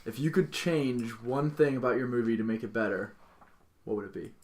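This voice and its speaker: A man's voice: medium pitch, a little fast, darkish tone. Teasing male host moderating a debate. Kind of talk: casual group debate.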